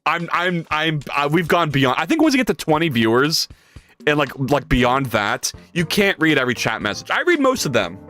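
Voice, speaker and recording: Animated, jokey male livestreamer. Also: fairly high pitch, normal speed, faint music behind. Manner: animated, jokey, reads chat aloud and rambles. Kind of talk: casual livestream chat while coding.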